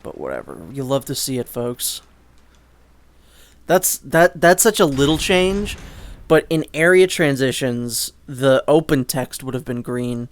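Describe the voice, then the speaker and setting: Speaking slowly at a medium pitch, a man hosts a let's play, offering loose, meandering commentary on the game. He often starts sentences over and lets out the occasional abrupt curse.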